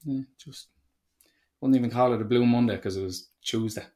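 A man's voice: medium pitch, brisk, mellow. An Irish man in casual conversation, making dry teasing jokes and swearing casually. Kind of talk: casual chat.

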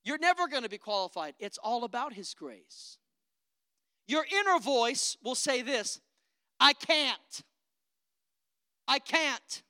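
Woman preacher going hard, high bright voice, dry close sound, keeps asking for amens. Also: very animated, a little slow, no echo. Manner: emphatic, rousing, calls for amens. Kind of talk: sermon.

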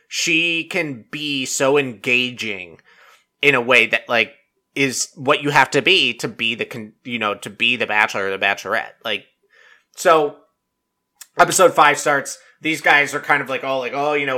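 Man, casual recap chat, rambling, heavy filler words, swearing, bright tense tone. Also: medium pitch. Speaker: reality TV recap vlogger.

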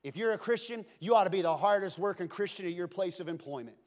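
A high-pitched man preaching with animated, joking energy. He talks to the congregation like a friend, drifting from playful asides into earnest appeals. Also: quick pace. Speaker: pastor. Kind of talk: sermon.

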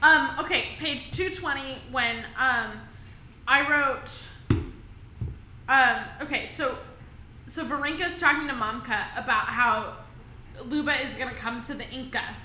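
A woman co-hosting a podcast in casual book talk, reading out her notes with lively feeling and laughing often, while she has the hiccups. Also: sits high, unhurried, roomy sound, a little hiss or hum, poor audio. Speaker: podcast co-host.

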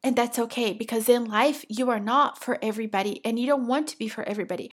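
Her voice is husky, on the high side, and fast: a middle-aged Brazilian podcast host with a Brazilian Portuguese accent. In her casual solo show, she speaks directly to the listener with an encouraging tone.

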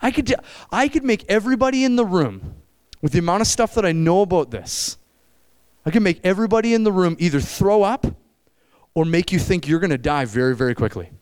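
A middle-aged man preaching at a camp meeting, animated, shifting between loud exclamations and low, intense stretches. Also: a little fast, smooth. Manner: acts out quoted voices. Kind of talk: sermon.

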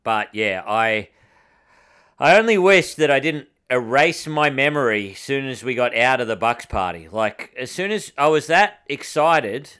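A man's voice: mid-range voice, animated, unhurried, fairly bright tone, clean tone. A young Australian man co-hosting a casual podcast, teasing his friend and laughing. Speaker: podcast co-host. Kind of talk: casual chat.

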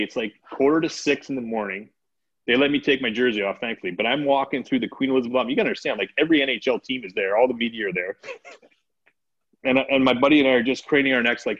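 Male guest, casual storyteller, animated delivery with acted quotes; dull lo-fi recording. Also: medium pitch, slightly rough. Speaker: podcast guest.

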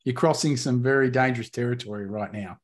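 A man's voice: mid-range voice, fast talker. A man co-hosting a podcast with casual, teasing banter. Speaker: podcast co-host. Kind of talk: casual chat.

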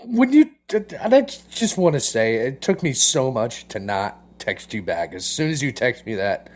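A man's voice: medium pitch, very animated. A man co-hosting a live show, teasing the host and swearing casually. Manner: teasing, profane, quick to laugh. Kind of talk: casual live radio banter.

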